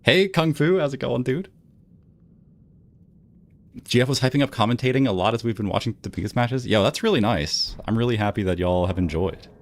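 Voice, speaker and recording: A man's voice: mid-range voice, expressive, fairly quick. A man with a Texan accent, chatting casually with viewers while streaming a game, laid-back and talkative. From Texas. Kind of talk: casual chat while gaming and reading chat.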